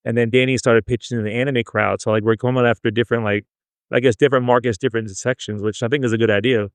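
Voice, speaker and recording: Casting: easygoing male podcast host, smooth clear voice, dry close mic. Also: mid-range voice, fast, no echo. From El Paso, Texas. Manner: relaxed, chatty, loose with fillers. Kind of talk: casual chat.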